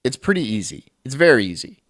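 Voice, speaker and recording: A man's voice: mid-range voice, sing-song, fast, fairly bright tone, dry recording, clean studio sound. Male streamer, crude and sarcastic, reads chat aloud, voice swings a lot. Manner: crude, sarcastic, laughing often. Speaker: streamer host. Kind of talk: live stream chat, reading viewer comments.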